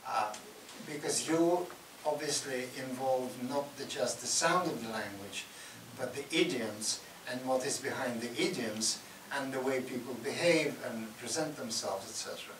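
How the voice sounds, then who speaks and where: A man giving a lively talk in a university lecture hall. He laughs often and answers audience questions. The recording is taken from well back in a roomy hall, with steady background noise. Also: mid-range voice, moderate pace, hardly any pauses, recorded from a distance. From Russia. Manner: animated, laughs often, acts out Russian voices loudly. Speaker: guest speaker.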